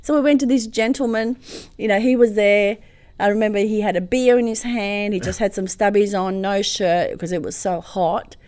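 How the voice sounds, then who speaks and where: Interview guest: woman, mid-pitched, dry close sound, animated storyteller. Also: moderate pace, dry recording. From Croatia. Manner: lively storyteller, swings from hushed to loud and laughing. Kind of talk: telling a personal story in an interview.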